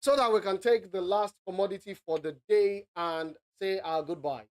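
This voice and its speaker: A man's voice: sits high, moderate pace. A man from Africa giving live forex market analysis on a stream, teasing his viewers and checking in often. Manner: playful and teasing, peppers speech with "all right".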